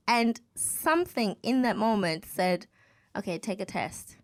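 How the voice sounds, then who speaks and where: A woman's voice: medium pitch, measured pace. A woman in her thirties, a podcast guest, telling a story in casual chat and acting out what other people said. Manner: animated, acts out quoted people.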